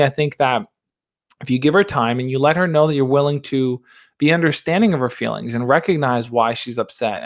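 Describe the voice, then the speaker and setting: A young man hosting a livestream, reading out viewer questions and answering them in a relaxed, reassuring way. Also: on the high side. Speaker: dating advice host. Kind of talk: casual livestream chat.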